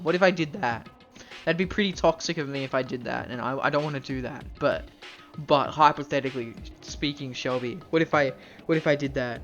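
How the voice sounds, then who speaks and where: A man's voice: fairly high pitch, fairly quick, a bit bright, muffled recording, soft background music. Rambling, joking streamer guy. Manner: rambling, joking, swears freely, mock-formal bits. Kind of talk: casual live-stream chat.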